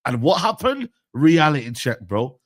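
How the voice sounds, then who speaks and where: A young man rants in a heated football debate, his voice lively and climbing high. He talks in quick bursts of slang and sounds worked up. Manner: animated, ranting, slangy. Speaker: football pundit and United fan.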